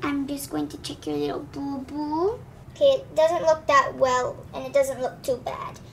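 A woman voicing a gentle, cheerful school nurse doll who reassures a hurt child. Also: sits high, lively intonation, moderate pace, vocal fry, a little hiss or hum. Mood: reassuring. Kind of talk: doll play narration.

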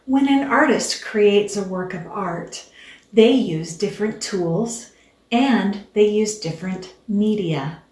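An older woman hosting a children's show, teaching gently and patiently, explaining step by step. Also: medium pitch, slow pace, echoey room, recorded from a distance.

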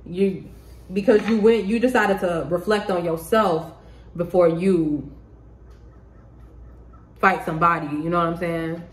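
A woman giving a casual tarot reading to the camera, excitable, laughing often and swearing freely. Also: on the low side, a little slow, pauses often. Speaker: tarot reader. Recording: roomy echo.

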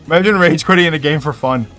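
A young man streaming live, chatting casually with his viewers in an excitable, profane, hyped-up way. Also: on the high side. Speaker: Twitch streamer. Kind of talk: casual livestream chat.

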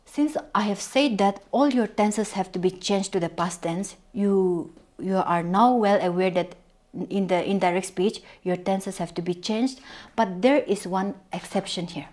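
A woman with a Naga English accent teaching a recorded grammar lesson, stressing points by repeating words and slowing down over examples. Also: mid-range voice, mellow.

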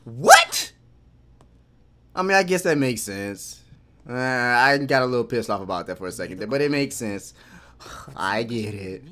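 A man giving excitable, casual reaction commentary while watching an anime, cheering and laughing often. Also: mid-range voice.

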